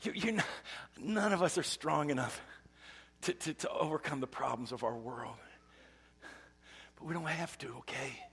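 A male pastor delivers a sermon in a gravelly, husky voice. He moves from loud, emphatic bursts to hushed, almost whispered lines as he tells his story. His words hang in the long reverb of a church sanctuary. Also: a little high, moderate pace, long pauses.

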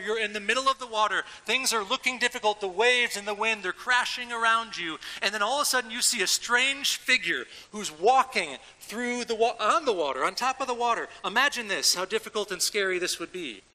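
A man preaching a sermon as a pastor, in a casual, animated way with everyday slang, a father of young children. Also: high-pitched, big-room sound, poor audio. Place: church.

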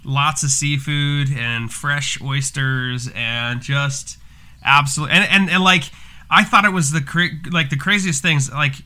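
A man in his thirties co-hosting a podcast, chatting casually and telling animated stories. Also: fairly high pitch, unhurried. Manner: animated storyteller, laughs while telling. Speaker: podcast co-host. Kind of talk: casual chat.

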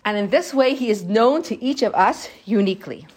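A woman's voice: a little high, animated, a little fast, slightly rough. Woman teaching a Torah class. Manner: warm storytelling with acted voices and laughter. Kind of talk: religious class lecture.

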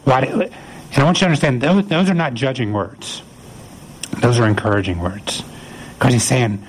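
Guy giving a sermon, earnest and chatty, restarts a lot, mid-pitched voice. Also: animated, a little fast, slight background noise, poor audio. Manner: earnest, conversational preaching with frequent restarts. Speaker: pastor.

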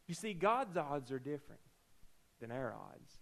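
A man's voice: mid-range voice, big pitch swings, unhurried, gravelly, a bit bright, rough recording. A man preaching a sermon, telling a personal story with humorous asides and acting out the dialogue.

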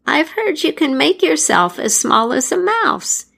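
A woman's voice: high voice, big pitch swings, measured pace, gravelly, fairly bright tone, pitched above the performer's own voice, full character voice. A woman voicing a shrewd old crone who pleads and coaxes in a raised, lilting voice. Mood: coaxing. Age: older. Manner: pleading, coaxing.

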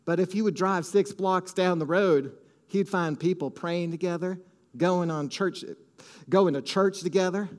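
Emphatic high-voiced male preacher. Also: unhurried. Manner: emphatic, leads congregation in call-and-response. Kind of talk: sermon.

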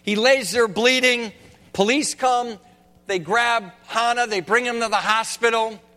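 A man preaching with slides, swinging from hushed tones to shouting. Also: extremely high pitch, steady tone, unhurried, long reverb tail. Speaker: pastor. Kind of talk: sermon with slides.

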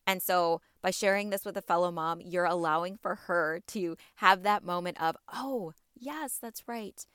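A woman's voice: on the low side, fairly even intonation, normal speed, fairly bright tone, clean tone, no room sound, studio quality. A woman hosting a wellness podcast, speaking encouragingly and directly to her listeners. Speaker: podcast host.

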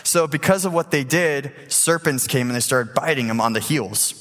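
An eighteen-year-old man preaching a sermon in a church sanctuary, casual and animated, slipping into voices as he tells the story. His pitch sits in the middle range, and a long hall reverb trails each phrase. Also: moderate pace. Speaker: youth preacher.

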